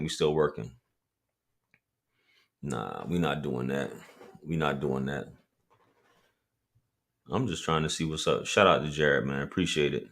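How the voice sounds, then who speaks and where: A man's voice: very deep voice, fairly bright tone. A man hosting a casual livestream, joking and bantering with viewers in loose, slangy talk. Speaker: livestream host.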